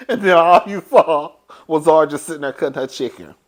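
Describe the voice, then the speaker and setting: This man's voice is on the high side, and he speaks a little fast. Playing the role of a show reviewer, he gives a casual, gossipy recap, calls his listeners "girl," and keeps breaking into laughter.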